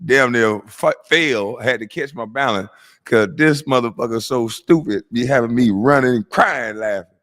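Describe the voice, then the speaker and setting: A man's voice: medium pitch, normal speed, a bit bright. A man hosting a stream, mocking clips in profane casual roast commentary, his nose stuffy. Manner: mocking, profane, bursts into laughter. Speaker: host reacting to clips.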